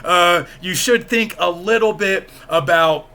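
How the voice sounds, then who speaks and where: A male lecturer with a bright, forceful tone and a voice that sits a little higher than most men's. He explains step by step in a plain, patient way, often pausing to check that listeners are following. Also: clear, resonant tone. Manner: explanatory, plain-spoken, checks in with "okay?" and "right?". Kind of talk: recorded lecture.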